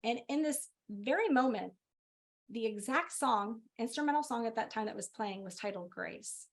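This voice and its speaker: A middle-aged woman, a physician, telling her personal story in a webinar in an animated way, often laughing. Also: fairly high pitch, moderate pace. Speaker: guest speaker, physician.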